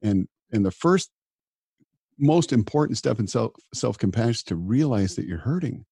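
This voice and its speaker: A man's voice: medium pitch, lively intonation, normal speed, gravelly, warm tone, husky, no echo, clean studio sound. A middle-aged man, a disaster physician, talking earnestly in an interview and often repeating words as he starts a sentence. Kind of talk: reflective interview talk.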